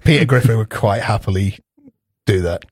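A man's voice: lowish voice, normal speed, darkish tone, slightly rough. A man, co-hosting a podcast in casual chat, rambling, laughing often and swearing freely. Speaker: podcast co-host.

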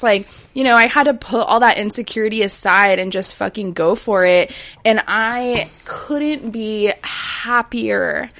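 A woman's voice: mid-range voice, takes it slowly, fairly bright tone. A woman co-hosting a podcast, talking casually and rambling, with lots of fillers and some swearing. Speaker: podcast co-host.

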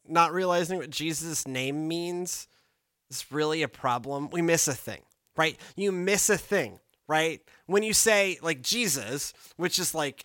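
A man's voice: on the high side, no echo, studio quality. A man, a pastor, talking casually about scripture in a podcast, rambling and checking in with "right?". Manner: rambling, animated, lots of "right?".

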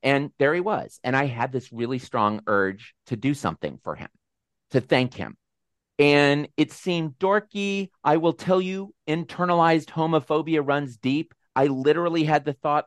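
A man's voice: a little high, moderate pace, clean tone, dry recording, studio quality. Chatty man telling a story. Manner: animated, self-deprecating, laughs often. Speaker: host. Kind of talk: casual storytelling talk. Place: home, on a video call. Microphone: video call mic.

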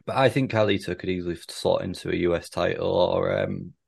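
A man's voice: sits low, fairly even intonation, fairly quick, gravelly, darkish tone, husky, no room sound, clean studio sound. A man co-hosting a casual wrestling podcast, laid-back and a bit hesitant. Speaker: podcast co-host.

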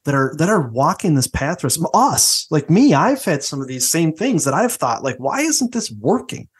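Give me a man with a husky, slightly high voice talking casually about faith on a podcast. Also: big pitch swings, normal speed. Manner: conversational, repeats "right?" often. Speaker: podcast co-host.

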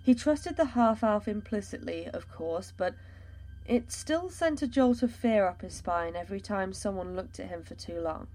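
A woman narrating a fantasy story in a steady, measured storytelling voice. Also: medium pitch.

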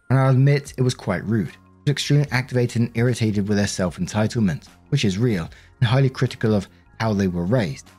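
Brief: low, husky male story narrator, faint music bed. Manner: steady first-person reading. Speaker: narrator of online stories. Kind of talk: reading a story aloud.

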